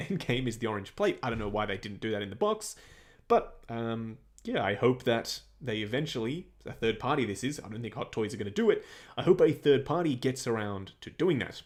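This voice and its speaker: A young Australian man hosting a casual livestream, reading viewer questions aloud and answering them in a chatty way. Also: mid-range voice. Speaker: livestream host answering chat.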